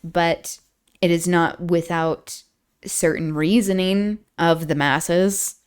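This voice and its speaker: Smooth-voiced streamer reading aloud. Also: female voice, low voice. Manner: stumbles and restarts on words, laughs at own slips; breaks off into chatty commentary. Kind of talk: reading aloud with casual asides. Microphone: streaming setup.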